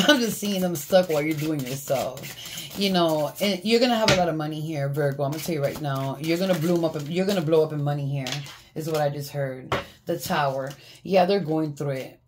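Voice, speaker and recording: Woman, tarot reader, low voice, blunt, profane, laughs a lot, casual monologue, faint hiss behind. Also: brisk. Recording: faint background noise.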